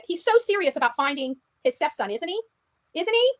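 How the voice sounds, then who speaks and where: A woman's voice: sits high, sing-song, normal speed, fairly bright tone. A woman live-streaming in a rambling, taunting way and often repeating herself. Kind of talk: rambling livestream talk.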